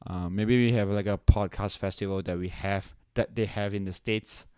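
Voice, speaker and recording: A man's voice: lowish voice, fairly even intonation, moderate pace, mellow, smooth, no echo, clean studio sound. A young man from Singapore hosting his podcast solo, talking casually and rambling with many restarts and "right?" tags. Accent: non-standard, hard to place; he says it doesn't sound Singaporean. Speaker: podcast host.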